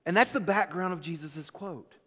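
A man's voice: high voice, moderate pace, a bit bright, breathy edge. A male pastor giving a sermon in a church, talking casually and conversationally, often restarting his words. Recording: long reverb in a church hall.

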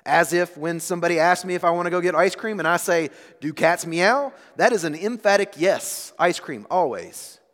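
A man in his thirties preaching a sermon as a pastor, with dramatic swings between loud and hushed delivery. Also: high-pitched, fairly quick, few pauses. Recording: long reverb of a large hall.

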